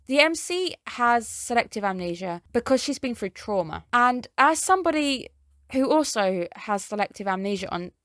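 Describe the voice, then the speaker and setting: A young woman talks through an anime episode in a casual, gushing way, often calling out to her viewers. Her voice sits at an ordinary pitch for a woman. The sound is dry, with no room echo. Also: a bit bright. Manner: gushing, chatty, addresses viewers as guys. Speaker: anime reviewer. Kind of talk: casual review chat.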